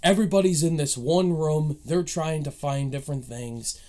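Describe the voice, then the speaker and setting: A man's voice: a little high, moderate pace, warm tone. A man giving a casual spoken review of a TV episode, recapping plot beats with eager, emotional enthusiasm. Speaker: movie reviewer.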